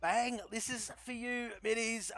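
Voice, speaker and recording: A man commentating a sim racing league, shouting with excitement at fast laps and laughing at his own jokes. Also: very high-pitched, faint music behind. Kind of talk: excitable esports race commentary.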